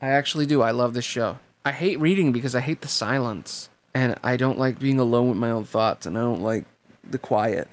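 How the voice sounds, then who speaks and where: A man's voice: medium pitch, a little fast. A man reading a novel aloud and then chatting casually, swearing freely and enthusiastic. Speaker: reader and host.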